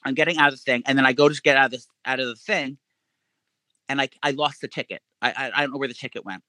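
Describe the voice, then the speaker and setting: A man co-hosting a podcast in casual chat, an animated storyteller who swears a lot and acts out quotes in a high voice. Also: quick pace, no echo. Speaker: podcast co-host.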